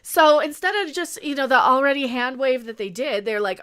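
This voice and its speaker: Female recap host, high, bright voice, sarcastic and animated. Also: moderate pace, few pauses, smooth. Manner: animated, sarcastic, laughs often. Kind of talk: casual livestream recap chat.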